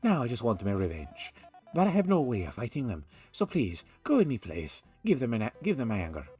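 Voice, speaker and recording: A man's voice: mid-range voice, huge pitch swings, fairly quick, darkish tone, faint music behind. A man reading game dialogue aloud as a vengeful one-eyed old sea captain with a pirate accent.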